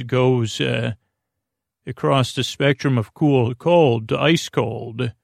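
A man hosting a bedtime podcast, talking in a meandering, self-interrupting way with deadpan jokes and a creaky voice. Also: medium pitch, no room sound, clean studio sound. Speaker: podcast host. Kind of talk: rambling bedtime podcast monologue.

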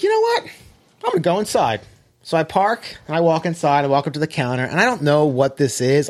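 A man telling a long story in casual chat, animated, swearing and acting out quoted dialogue. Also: medium pitch.

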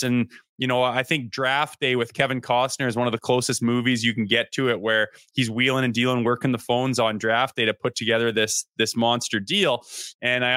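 A man in his thirties co-hosts a casual hockey podcast in a bright, forward voice. He talks loosely, swears freely and acts out people in his stories. The sound is close and dry. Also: medium pitch, no echo. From Canada. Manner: loose, swearing, storytelling with animated quoted voices. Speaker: podcast co-host. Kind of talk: casual sports podcast chat.

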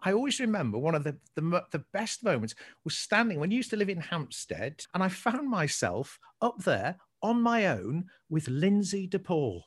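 A man with a Scouse accent co-hosting a casual podcast chat, telling stories in a chatty, animated way. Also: high voice, normal speed, hardly any pauses, slightly rough. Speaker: co-host.

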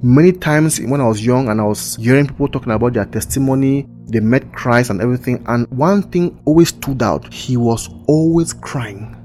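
A man's voice: mid-range voice, moderate pace, hardly any pauses, a little mellow. A man who hosts a podcast and teaches from the Bible. He speaks earnestly and with emphasis, stacking repeated phrases into lists. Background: faint ambient worship music.

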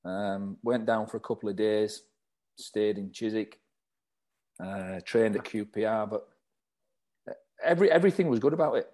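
A man's voice: on the low side, normal speed, long pauses, a little mellow. A man, a former footballer, chatting as an interview guest, running through details from his notes and laughing often. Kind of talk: casual interview chat.

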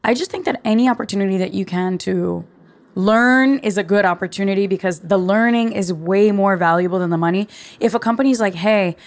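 A young woman hosting a podcast, talking casually and emphatically in slangy, chatty life advice. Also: medium pitch. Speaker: podcast host.

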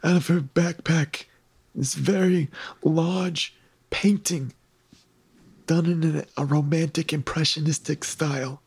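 A man's voice: on the high side, fairly even intonation, slow, a little mellow, breathy edge, no room sound. A man narrating a tabletop game as game master, playful and teasing with his players.

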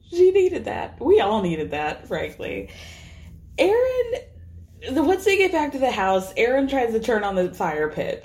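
A young adult woman hosting a podcast, recapping in a casual, animated way with voiced asides. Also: high voice. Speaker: podcast host.

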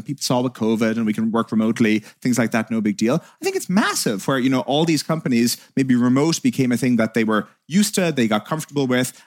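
A man, a tech company co-founder, answering interview questions in a fluent, conversational way with frequent "you know" fillers. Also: medium pitch.

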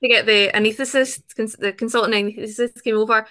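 A woman's voice: on the high side, fairly even intonation, fast, a bit bright. A woman, a podcast guest talking openly and chattily, with frequent restarts. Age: 20s. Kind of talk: conversational interview.

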